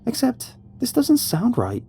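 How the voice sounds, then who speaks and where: A man's voice: very high-pitched, wildly swooping pitch, measured pace, mellow, soft background music, pitched above the performer's own voice, heavily acted. A man voicing a blunt, plainspoken rural mother in a raised voice. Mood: uneasy.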